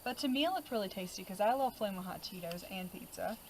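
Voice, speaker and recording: A woman's voice: mid-range voice, expressive, fast, slight background noise, rough recording. A woman vlogger chatting casually about her journal pages, with lots of "um" and "like" as she talks. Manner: chatty, many fillers like "um" and "like". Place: outdoors.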